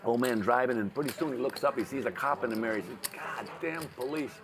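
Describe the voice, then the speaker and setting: A man playing poker who tells drawn-out jokes with restarts. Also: medium pitch, noisy background. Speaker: poker player. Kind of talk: telling jokes at the table.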